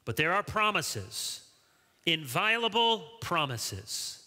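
Bright-voiced man preaching in a reverberant church. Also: slow. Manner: animated preaching, rising high when voicing pleas to Bible figures. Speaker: pastor. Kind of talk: sermon. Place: large church sanctuary. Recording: long reverb of a church hall.

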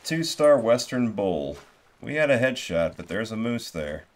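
A man's voice: fairly low pitch, very animated, unhurried, slight background noise. A man streaming a game live, chatting easily and thanking viewers as he plays, talking into a headset. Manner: easygoing, thanking viewers as they go. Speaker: gaming streamer. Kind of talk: live gameplay commentary. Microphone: gaming headset. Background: game music and hoofbeats.

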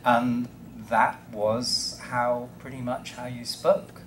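A man's voice: mid-range voice, flat delivery, slow pace, fairly bright tone, slight background noise. A man in his sixties with a posh English accent, earnestly explaining things on a convention panel. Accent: English, received pronunciation.

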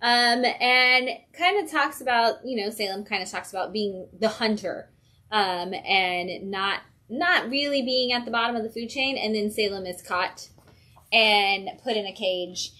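A woman's voice: medium pitch, bright, forceful tone. A woman co-hosting a comics livestream from a comic book shop, chatting with enthusiasm. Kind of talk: casual chat.

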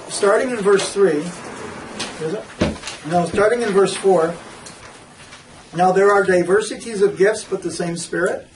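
A man teaching a church Bible class in an animated way, acting out quotes and often restarting his sentences. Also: sits high. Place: church meeting room. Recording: echoey room, distant mic, faint noise.

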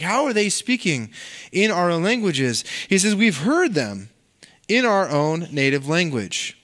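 Animated pastor preaching in church. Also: male voice, fairly high pitch. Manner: conversational, animated preaching with asides. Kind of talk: sermon.

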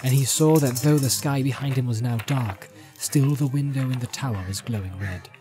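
A man reading a fantasy story aloud in a measured, dramatic narration style. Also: mid-range voice, dark tone. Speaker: audiobook narrator. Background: music.

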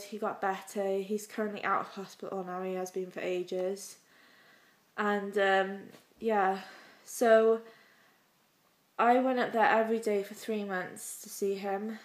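A British woman talking straight to her viewers in a confessional vlog. She rambles in a heartfelt, emotional way, in a voice of ordinary middle pitch. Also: rough recording. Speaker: vlogger.

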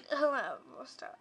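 A woman giving casual gameplay commentary while she keeps hiccuping, talking in halting, self-interrupting bursts. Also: fairly high pitch, vocal fry, noisy background.

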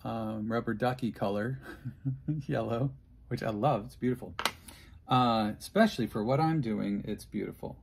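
A man's voice: medium pitch, gravelly, a little mellow, slight background noise. A man hosting an unscripted craft demonstration, chatting and joking and talking to himself as he works. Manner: chatty, jokey, talks to himself while working. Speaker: host and art teacher.

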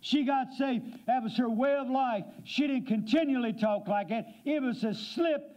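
Speaking as a guest in a church sanctuary, a man preaches an emphatic sermon and poses questions to the congregation. His voice is very high-pitched and a little mellow, at a moderate pace.

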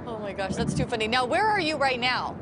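Giggly female co-host, slightly high voice, loud noise over the line. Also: big pitch swings, brisk. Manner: bubbly, giggly. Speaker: morning TV co-host. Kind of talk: casual morning show chat.

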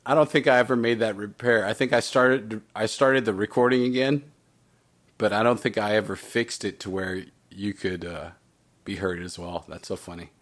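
Male math teacher, fairly low voice, works through problems aloud with light playful asides. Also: steady tone, moderate pace, a bit bright. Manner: talks through steps with himself, playful asides. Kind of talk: recorded math lesson walkthrough.

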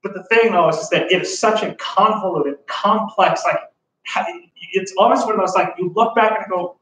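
A man's voice: high-pitched, moderate pace, bright, forceful tone. A man teaching a history class in a casual, joking, enthusiastic lecture style, full of fillers. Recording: echoey room, voice from a distance.

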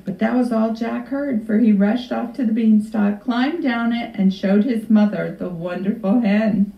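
A woman librarian reading a storybook aloud to children in an expressive, unhurried way. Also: fairly high pitch, vocal fry. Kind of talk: storybook read-aloud for kids. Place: library room. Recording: echoey room, far from mic, dull.

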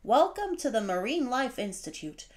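A woman's voice: fairly high pitch, big pitch swings, normal speed, pitched above the performer's own voice. A woman voicing a formal aquarium announcer in a storybook read-along. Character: welcoming aquarium loudspeaker announcer.

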